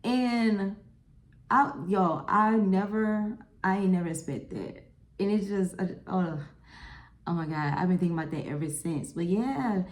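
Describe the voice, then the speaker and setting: Young woman, tarot reading, chatty and lively, lowish voice, keeps saying y'all. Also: normal speed, reverberant. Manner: chatty, animated, lots of "okay?" and "y'all". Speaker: tarot reader. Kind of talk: casual tarot reading to camera.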